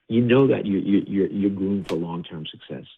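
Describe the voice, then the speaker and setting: A man who works as a wrestling producer, telling stories fast and animatedly in a casual interview, stumbling over restarts. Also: deep voice, a little hiss or hum. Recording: phone-line audio.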